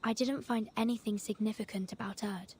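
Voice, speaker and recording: A polite, discreet young woman speaks in a quiet, high, breathy falsetto, as a man puts her on. She sounds soft and careful, as if keeping her voice down. This is a game story read aloud. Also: fairly even intonation, brisk, slight background noise. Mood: hushed.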